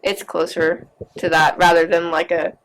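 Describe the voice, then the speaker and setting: A woman's voice: on the low side, flat delivery, moderate pace, a bit bright, a little hiss or hum, low-quality recording. A teenage woman co-hosting a casual chat, rambling and dramatic with many fillers. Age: late teens. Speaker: co-host.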